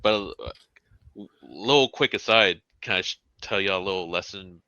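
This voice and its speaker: A man chatting on a podcast in a dry, monotone way. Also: deep voice, moderate pace, no echo, lo-fi sound. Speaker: podcast co-host. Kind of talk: casual chat.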